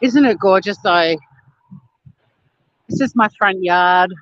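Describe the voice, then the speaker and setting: A woman's voice: mid-range voice, slow, fairly bright tone. An Australian woman rambles through a live-stream vlog outdoors on a beach, blunt and liberal with swearing. Her talk is loose and chatty. The phone audio is dull and lo-fi. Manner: blunt, swears freely, laughs often. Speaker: vlogger. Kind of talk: casual live-stream chat.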